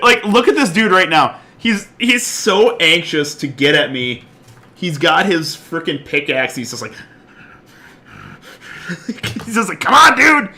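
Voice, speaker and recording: A man streaming a card game live, chatting excitedly, laughing often and swinging from loud outbursts to quiet muttering. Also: on the high side. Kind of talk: live gameplay commentary.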